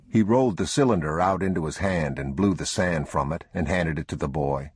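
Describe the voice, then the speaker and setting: A man narrating an audiobook in a measured, unhurried way. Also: extremely low pitch, husky, no room sound, studio quality. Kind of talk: scripted narration.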